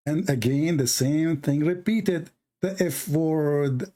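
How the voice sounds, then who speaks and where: A man whose first language is Arabic tells stories and argues in broken English, animated and laughing. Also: a little high, unhurried, few pauses. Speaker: host. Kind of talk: casual storytelling and polemic.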